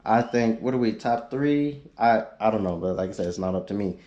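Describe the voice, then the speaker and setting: A man's voice: fairly low pitch, brisk, warm tone, highs cut off. A man, chatting casually on his car vlog, reading out viewer suggestions with laid-back joking asides. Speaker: YouTube car vlogger.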